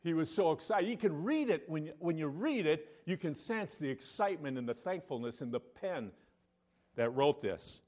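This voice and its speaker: A pastor preaching a sermon, reading scripture aloud and moving between loud emphatic lines and quiet, intimate asides. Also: male voice, a little high, expressive, moderate pace. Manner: reads scripture in King James wording.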